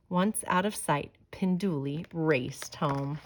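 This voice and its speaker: A woman reading a children's story aloud with gentle, expressive narration. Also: on the low side, moderate pace, few pauses. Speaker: storybook reader.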